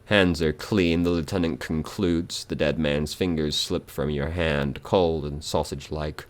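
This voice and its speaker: Deep-voiced man reading game text. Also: fairly even intonation, a little slow. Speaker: let's player.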